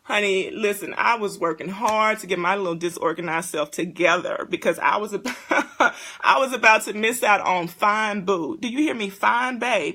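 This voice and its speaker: A woman in her thirties hosts a live-stream chat and talks straight to her viewers in an animated, preachy way. Her voice has a bright, forceful edge with a gravelly fry underneath. She sounds like a casual webcam chat. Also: medium pitch, normal speed. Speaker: host of a live chat for single parents.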